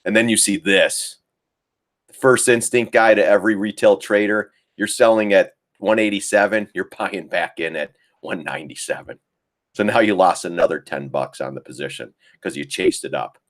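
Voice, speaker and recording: Sitting low in pitch and a bit bright, this man speaks at normal speed. During his live trading stream he casually discusses charts, laughs frequently, and does impressions of frantic traders as informal market commentary.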